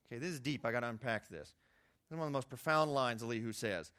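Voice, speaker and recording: Bright animated young male preacher. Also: fast, clear, resonant tone, no echo, clean studio sound. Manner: conversational preaching, voice climbing high for emphasis. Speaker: youth pastor. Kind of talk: sermon.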